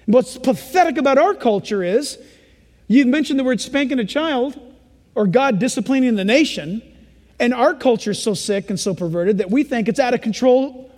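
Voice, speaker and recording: High-voiced man preaching in a hall. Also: moderate pace. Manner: animated preaching, acts out kids and parents. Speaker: pastor. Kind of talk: sermon.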